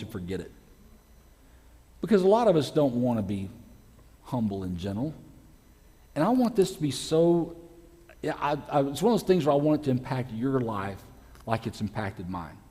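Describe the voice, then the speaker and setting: A man, a pastor, preaching a lively sermon in a church sanctuary and acting out the voices of people he quotes. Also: medium pitch. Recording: long hall reverb.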